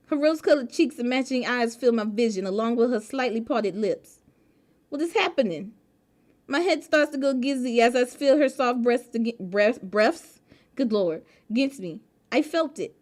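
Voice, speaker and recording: A woman's voice: a little high, a little mellow. A woman streaming a visual novel, reading the game's lines aloud in a chatty, playful way and often breaking off mid-sentence. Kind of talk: casual let's-play commentary, reading game text aloud. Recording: game music playing behind the voice. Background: game music.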